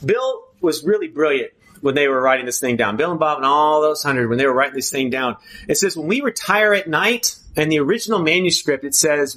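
A man's voice: on the high side, a bit bright. A man speaking candidly at a twelve-step recovery meeting, earnest and emphatic, often restarting his phrases.

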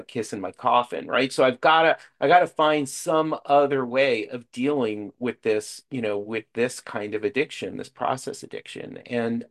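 A middle-aged man speaks frankly at a support meeting in a conversational way, full of fillers and asides. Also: mid-range voice. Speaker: speaker sharing at a recovery meeting. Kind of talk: personal share at a support meeting.

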